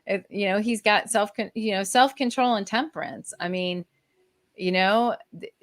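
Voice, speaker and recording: A woman co-hosts a casual podcast from home, with a toddler nearby, speaking reflectively and filling her speech with "you know." Her voice is mid-range and her pace normal.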